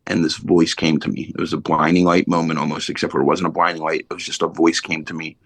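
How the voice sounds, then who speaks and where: A middle-aged man with a very low, gravelly voice tells his recovery story bluntly, swearing freely. He talks casually as a podcast guest, and his voice sounds dry and close to the mic. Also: level tone, quick pace, fairly bright tone, no room sound.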